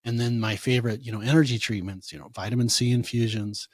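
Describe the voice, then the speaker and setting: A man's voice: medium pitch, fast, no echo. Storytelling male chiropractor, dry sound. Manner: animated storytelling, acts out quoted patients. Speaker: chiropractor guest. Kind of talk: conversational interview answers.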